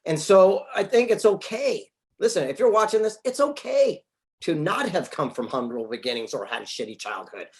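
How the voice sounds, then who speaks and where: A man in his fifties from California, a guest telling lively stories and acting out quoted lines. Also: high-pitched, normal speed. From San Diego, California. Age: 50s. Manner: animated, acts out quoted dialogue. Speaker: podcast guest, author. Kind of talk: casual storytelling interview.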